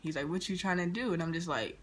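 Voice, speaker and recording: A young woman in a casual storytime vlog, retelling an encounter with lively slang and quoted dialogue. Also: on the low side, fast, slight background noise. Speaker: vlogger. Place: indoors near a street, car noise outside.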